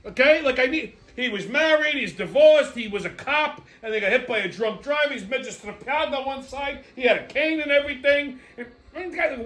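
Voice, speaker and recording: A man's voice: extremely high pitch, lively intonation, a little fast, few pauses, a bit bright. A man hosting a weekly wrap-up show, ranting in a crude, exasperated comic style. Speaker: host. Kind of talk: profane comedic rant.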